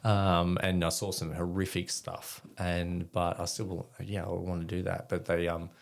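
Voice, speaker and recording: A man's voice: sits low, level tone, a little slow, gravelly. An Australian man, a podcast guest, telling rambling, swear-filled stories in casual chat. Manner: swears freely, rambling anecdotes with quoted dialogue. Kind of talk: casual storytelling.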